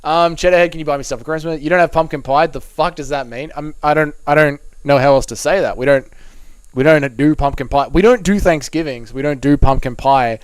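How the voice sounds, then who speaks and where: A man's voice: on the high side, fairly quick, clean tone, no room sound. A young Australian man reading out and answering chat messages on a live stream, swearing and bantering in a blokey way.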